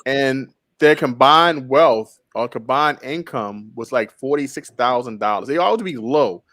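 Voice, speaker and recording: Animated guy talking through a book chapter, laughs a lot, dry sound, middle pitch. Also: unhurried, dry recording. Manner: animated, laughing, repeats phrases. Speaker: book club member. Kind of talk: casual book discussion.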